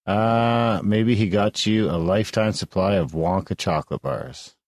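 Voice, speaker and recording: A man's voice: lowish voice, measured pace, dry recording. A man co-hosting a podcast, joking and teasing in casual chat. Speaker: podcast co-host.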